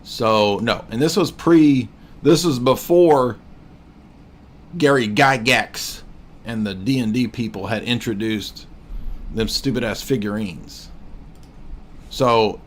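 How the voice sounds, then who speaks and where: Guy in his 40s doing livestream commentary, cracking jokes and rambling, middling pitch. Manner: mocking, joking, rambling with restarts. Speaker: livestream host.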